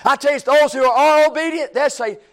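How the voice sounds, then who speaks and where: A man's voice: extremely high pitch, normal speed. A male preacher, delivering a sermon in a church with a repetitive, emphatic cadence.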